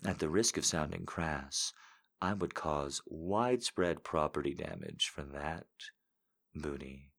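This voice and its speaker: A dominant, seductive man who speaks slowly in a soft, low murmur, as a man puts him on. The voice stays hushed and smooth and dips well below the man's usual pitch. He leans into each line and draws the words out. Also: full character voice. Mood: sultry. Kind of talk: reading viewer quotes in a put-on voice.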